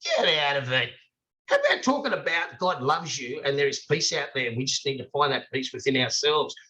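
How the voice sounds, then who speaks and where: A man's voice: on the high side, big pitch swings, normal speed, pushed and bright, rough recording. An older man from Australia, an author speaking passionately and emphatically in an interview, asking rhetorical questions over a video call. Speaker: author guest.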